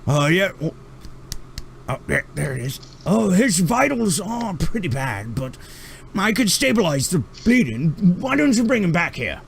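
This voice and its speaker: A man's voice: high-pitched, big pitch swings, measured pace, creaky, slight background noise, pitched above the performer's own voice, exaggerated voice. A man voicing an eccentric, fussy alien doctor who mutters exclamations as he works.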